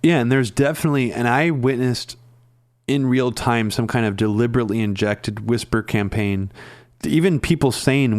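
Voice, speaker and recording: Man, mid-pitched voice, casual political talk, earnest and halting, dry close sound. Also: steady tone, a little mellow, dry recording. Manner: earnest, halting with many ums.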